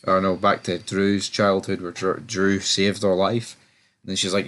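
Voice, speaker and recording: A man's voice: low-pitched, little pitch movement, moderate pace, a bit bright. A man giving a casual, rambling review of a TV episode, often stammering and repeating words. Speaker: TV show reviewer.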